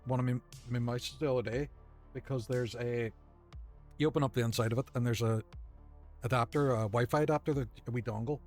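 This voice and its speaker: A man's voice: medium pitch, fairly even intonation, fairly quick, darkish tone. A man, chatting casually while streaming a game from his desk at home, jokey and self-mocking. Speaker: streamer playing a video game. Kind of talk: casual gaming chat. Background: faint game music.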